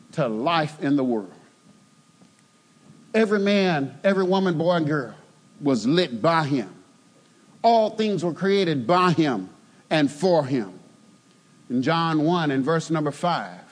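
Fervent high-pitched preacher man. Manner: emphatic preaching, rising to loud fervent peaks. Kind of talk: sermon.

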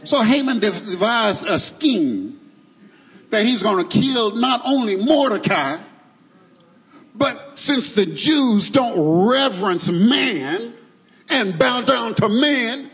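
Man, preacher, husky higher voice, emphatic sermon cadence, talks back and forth with the congregation. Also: lively intonation, slow, fairly bright tone, low-quality recording. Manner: emphatic, call-and-response with congregation, sing-song cadence. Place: church sanctuary.

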